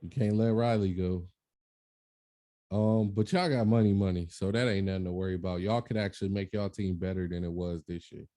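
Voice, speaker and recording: A man's voice: sits low, steady tone, fairly quick, warm tone, no echo, clean studio sound. A man co-hosting a podcast in casual, joking sports banter, laid-back and slangy. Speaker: podcast co-host.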